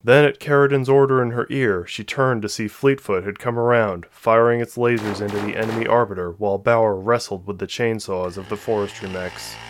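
A man reading an action story aloud with steady, dramatic narration. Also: fairly low pitch, a little fast, few pauses, a little hiss or hum. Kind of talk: scripted audiobook narration.

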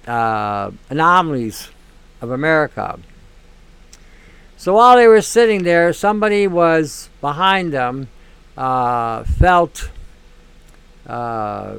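A show host with a fairly high, slightly bright, smooth voice, captured in a dry recording, delivers an opinionated monologue. He rants bluntly, repeats himself constantly, and swears freely.

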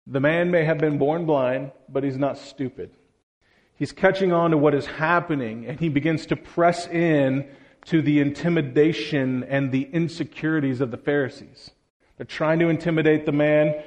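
Male pastor, higher-pitched, expressive sermon delivery that dramatizes quoted lines. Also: normal speed.

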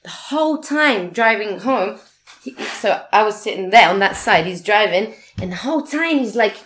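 Woman, casual storyteller, animated and profane, mid pitch, echoey room. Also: moderate pace. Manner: swearing, animated, laughs often. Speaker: guest telling a story. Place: living in a big city abroad.

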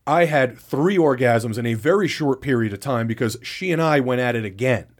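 A man's voice: medium pitch, expressive, moderate pace. Candid, profane man telling a story. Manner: candid, profane, blow-by-blow recounting. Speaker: podcast co-host. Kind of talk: casual storytelling chat.

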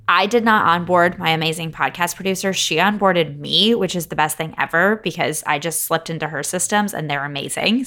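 A woman hosting her own solo podcast, talking in an upbeat, chatty way and running through lists, openly emotional and quick to laugh. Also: fairly low pitch, a bit bright. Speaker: podcast host.

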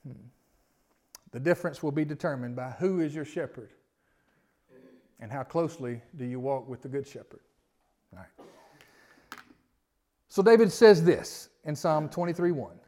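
High-voiced pastor preaching. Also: male voice, lively intonation, normal speed. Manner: preaching with wide swings from loud emphasis to quiet asides; repetitive, building lists of rhetorical questions. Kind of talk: sermon.

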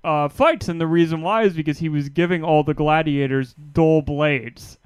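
A man's voice: a little high, moderate pace, smooth, dry recording. A man hosting a podcast in casual chat, talking loosely with plenty of "like". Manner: chatty, with laughs and "like". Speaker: podcast host.

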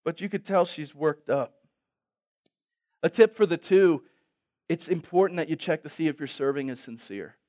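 Animated, high-voiced man preaching. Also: moderate pace, long pauses. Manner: animated, humorous, swings from loud exhortation to quiet reflection. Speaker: pastor. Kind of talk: sermon.

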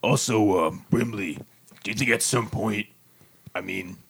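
A man playing a tabletop game, asking halting, hesitant questions in casual chat. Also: fairly low pitch, gravelly, fairly bright tone, a little hiss or hum. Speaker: player.

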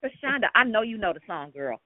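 A woman's voice: medium pitch, sing-song, fast talker, no room sound. A woman hosts a call-in line in a chatty, playful way, laughing easily and slipping into song. Her voice sits in a middle register. It comes through a narrow, tinny phone line with no room sound at all. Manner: warm, playful, laughs often and breaks into song. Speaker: host of a call-in prayer line. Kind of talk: casual call-in hosting.

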